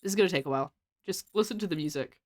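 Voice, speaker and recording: A woman's voice: on the low side, racing, dry recording, clean studio sound. Chatty woman streaming a game. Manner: chatty, giggly, self-mocking. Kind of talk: casual gameplay chat.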